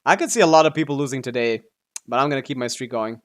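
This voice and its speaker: A man's voice: medium pitch, lively intonation, fast talker. A male streamer chatting casually while playing and guessing, mumbling, correcting himself, and swearing now and then. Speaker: game streamer.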